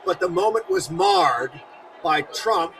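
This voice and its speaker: A man's voice: a little high, lively intonation, slow. A middle-aged man hosting live political commentary, talking candidly and critically in conversational asides. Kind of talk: live commentary over a broadcast speech. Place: live event at a press venue. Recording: distant mic with loud crowd noise.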